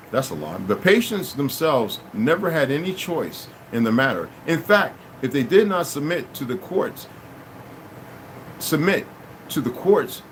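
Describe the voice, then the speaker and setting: A man's voice: medium pitch, a little hiss or hum, poor audio. A man hosting his own channel, reading a text aloud and breaking off into casual asides to his listeners. He stumbles over hard words and restarts often. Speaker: channel host.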